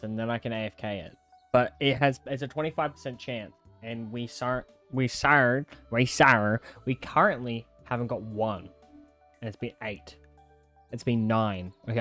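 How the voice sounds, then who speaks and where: Chatty young man narrating his gameplay. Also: mid-range voice. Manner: chatty, talks to himself, jumpy excited outbursts. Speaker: gaming content creator. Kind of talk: live let's-play commentary.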